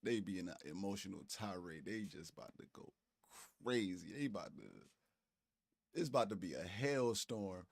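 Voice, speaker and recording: A man co-hosting a stream, giving animated, profane commentary with laughing asides. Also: low voice, moderate pace. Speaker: stream co-host. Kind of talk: casual commentary.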